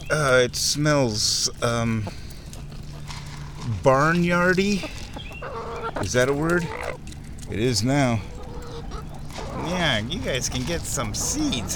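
Out in his backyard feeding the chickens, a man vlogs in a casual walk-and-talk style, rambling and chatting and using baby-talk with the hens. His medium-pitched voice is expressive and slow, and background noise is audible.

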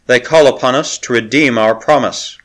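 A man reading a brave young handmaiden who speaks softly and gravely to her beloved in an audiobook. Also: mid-range voice, normal speed, lightly acted. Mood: tender. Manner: soft, grave, tender. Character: brave young woman handmaiden, gentle and loving.

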